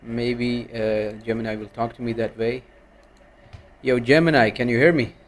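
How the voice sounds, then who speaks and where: A man's voice: mid-range voice, fairly even intonation, moderate pace. A male streamer in a casual live stream, giving orders to an AI assistant and heckling it.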